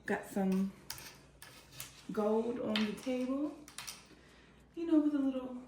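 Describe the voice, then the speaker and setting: A woman's voice: high voice, expressive, slow, mellow, slight background noise. Chatty woman giving a home decor tour. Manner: chatty, pointing out items as she walks. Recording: echoey room.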